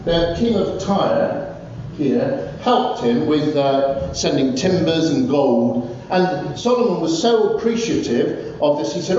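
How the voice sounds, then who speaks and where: Fervent preacher in an echoing church. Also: male voice, fairly high pitch, animated, slow, few pauses, a little mellow, slight background noise. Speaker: pastor. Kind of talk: sermon. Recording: echoey church hall from far off, dull.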